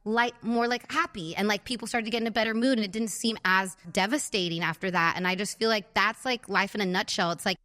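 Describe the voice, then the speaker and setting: A woman's voice: mid-range voice, steady tone, quick pace, hardly any pauses, bright, forceful tone. A woman from California's San Fernando Valley hosting a casual chat, telling stories in a bubbly way with constant "like"s and acted-out voices. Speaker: podcast host.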